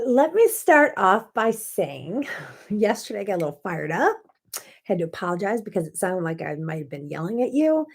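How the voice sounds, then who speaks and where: A woman hosts her morning show on her own, telling a personal story in an easygoing, chatty way. She jumps from quiet asides to sudden loud, fired-up emphasis. Her voice sits at a middle pitch for a woman. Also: slightly rough. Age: 30s or older. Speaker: host. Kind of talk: casual solo talk show.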